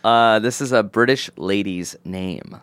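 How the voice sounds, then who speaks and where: A man's voice: fairly low pitch, measured pace, a bit bright, smooth, no echo. A man co-hosting a podcast in casual chat, joking and asking lots of questions. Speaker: podcast co-host.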